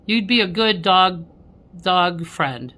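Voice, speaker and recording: A woman's voice: fairly low pitch, expressive, slow pace, bright, forceful tone. A woman working as a spiritual medium, chatting on a live stream with viewers, laughing often and ending lines with "okay?".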